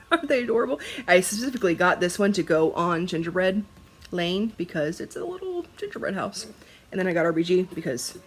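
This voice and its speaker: A woman's voice: on the low side, lively intonation, brisk, husky. A young woman chatting casually about her stitching, laughing often and swearing now and then. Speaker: cross-stitch vlogger.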